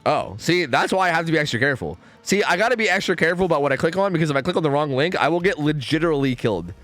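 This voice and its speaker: Young male streamer, high lively voice, sarcastic and swearing, music faintly behind. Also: rapid-fire, dry recording. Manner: profane, rambling, sarcastic. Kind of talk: casual chat with viewers.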